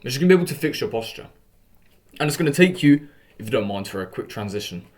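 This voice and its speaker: Speaking at a quick pace with a medium-pitched voice, a young vlogger walks his audience through posture exercises. His self-improvement coaching feels relaxed and full of energy.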